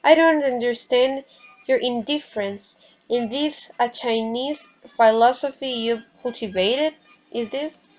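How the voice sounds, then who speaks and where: A woman voicing an anxious, indignant woman, reading her lines slowly from a play script. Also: on the high side, faint music behind, close to an everyday voice, rough recording. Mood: exasperated.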